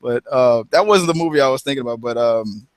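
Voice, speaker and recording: A man co-hosting a casual movie talk show, rambling and retelling scenes with animated quoted voices. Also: medium pitch, a little fast, dry recording. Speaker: podcast co-host.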